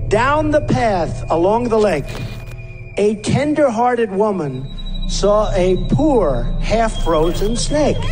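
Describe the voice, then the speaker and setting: A man reciting a story poem in a slow, measured storytelling manner. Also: high voice, rough recording. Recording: music bed behind the voice.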